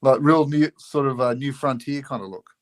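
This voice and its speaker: A man's voice: medium pitch, moderate pace. A man drawing live at an event, chatting casually and tossing in dry wisecracks. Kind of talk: casual chat.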